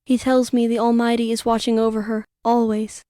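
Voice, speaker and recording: Young woman reading an audiobook, quiet and wistful, flat mellow voice, dry mic. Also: fairly high pitch, a little fast, no room sound. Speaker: audiobook narrator. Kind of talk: first-person audiobook narration.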